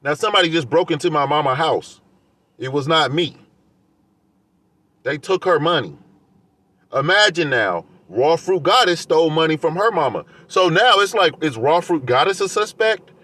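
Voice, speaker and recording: A man's voice: on the high side, lively intonation, normal speed, bright, forceful tone. A man vlogging in a heated, defensive rant, airing grievances to his viewers. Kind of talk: casual rant to camera.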